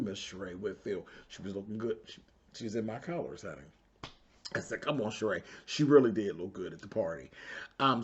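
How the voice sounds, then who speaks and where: Sassy gossiping man, dull lo-fi sound. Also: medium pitch. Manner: sassy and gossipy, drawling "honey" and "child". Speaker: reality TV reviewer. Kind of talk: casual episode recap commentary.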